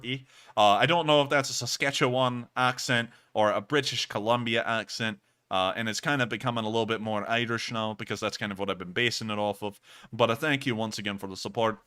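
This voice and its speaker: A man's voice: medium pitch, pushed and bright, clear, resonant tone. A young man of about twenty hosting a live stream, earnestly and effusively thanking viewers for donations. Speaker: livestream host.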